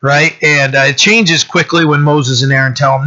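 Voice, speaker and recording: Male pastor, conversational Bible teaching, keeps checking in with listeners, bright forceful voice, dull lo-fi sound. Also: on the high side, fairly even intonation, moderate pace, hardly any pauses. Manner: conversational, often checks in with "right?" and "you know".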